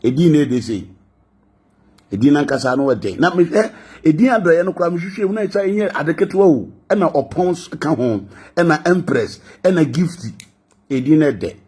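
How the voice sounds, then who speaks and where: A man's voice: on the high side, expressive, moderate pace, darkish tone, husky. A man with a Ghanaian accent giving mocking gossip commentary, laughing often between lines. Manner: laughing, mocking, mixing languages.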